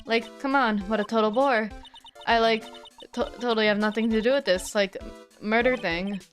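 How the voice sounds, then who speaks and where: A woman's voice: fairly high pitch, fairly even intonation, moderate pace, soft background music, close to an everyday voice. A woman reading as a flippant valley girl. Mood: dismissive. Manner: peppers every phrase with "like", flippant. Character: valley-girl young woman, airy and dismissive.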